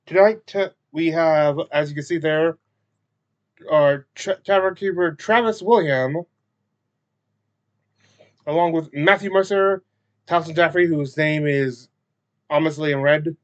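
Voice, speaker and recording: A man talks through a show recap in a casual, hesitant way, stopping and restarting often. His voice sits a little high, and the recording sounds dull and lo-fi. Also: unhurried, long pauses. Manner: hesitant, many fillers and restarts. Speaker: recap video host.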